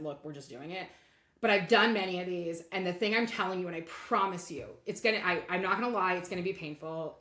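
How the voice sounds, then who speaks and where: A middle-aged woman with a fairly low voice tells a work story as a podcast guest. She is candid and lively and acts out bits of dialogue. The sound is echoey, as if recorded in a reflective room. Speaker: guest, legal operations leader.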